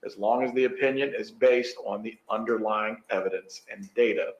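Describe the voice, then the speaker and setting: Judge man reading out his ruling, dry and measured, echoey room. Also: lowish voice, dull audio. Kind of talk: courtroom ruling. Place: courtroom. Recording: echoey courtroom audio.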